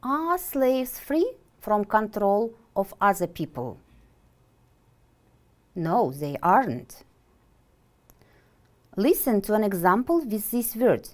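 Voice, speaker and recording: Slow, lively-voiced woman teaching English. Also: mid-range voice. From Kyrgyzstan. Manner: slow, deliberate, clearly enunciated; asks questions and answers them herself. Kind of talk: televised vocabulary lesson.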